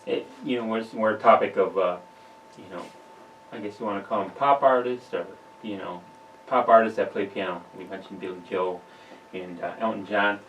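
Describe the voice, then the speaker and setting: A man's voice: fairly low pitch, muffled recording. A man hosting a casual radio interview who often stops and restarts. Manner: halting, full of restarts. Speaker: radio host. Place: radio studio. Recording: distant mic with faint hiss.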